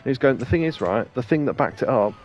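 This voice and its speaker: A man's voice: medium pitch, expressive, a little fast, dull audio. A man co-hosting a let's play, chatting casually and telling rambling anecdotes with plenty of laughs. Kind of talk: casual chat over gameplay.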